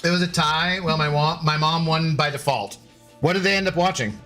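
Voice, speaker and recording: A man's voice: a little high, fairly quick, pushed and bright, soft background music. A man streaming video games, chatting playfully with his dog and his viewers. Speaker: game streamer. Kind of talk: casual live-stream chat.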